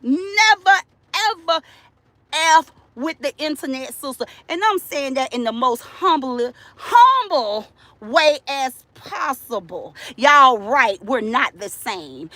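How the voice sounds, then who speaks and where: An older woman ranting to her live-stream viewers. Her voice is high and bright, and it swings widely in pitch. She talks at an unhurried pace, loud, boastful and profane. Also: sing-song, no echo. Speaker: livestream host.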